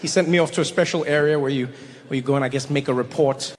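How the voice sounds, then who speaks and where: A man's voice: on the high side, quick pace. A male stand-up comedian telling a story animatedly, acting out characters on a live stage. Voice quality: animated, acts out characters, stammering restarts. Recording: live stage, long hall reverb.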